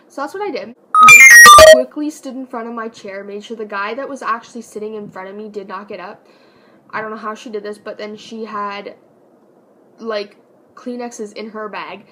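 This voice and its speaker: A young woman casually telling a personal story on her vlog, chatty and animated, with lots of fillers. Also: fairly high pitch, moderate pace, a little hiss or hum, rough recording. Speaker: vlogger.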